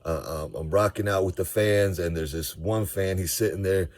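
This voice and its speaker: A man from Georgia, giving a casual, animated fan recap of a football game. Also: low voice, normal speed, no room sound. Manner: animated, slangy, storytelling. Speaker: sports fan vlogger.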